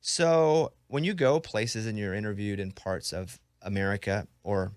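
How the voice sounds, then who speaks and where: A man's voice: on the low side, clear, resonant tone, no echo, clean studio sound. A man from Arkansas with a faint Southern accent, hosting a casual radio interview and teasing his guest. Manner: quick, teasing, joking. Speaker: radio host.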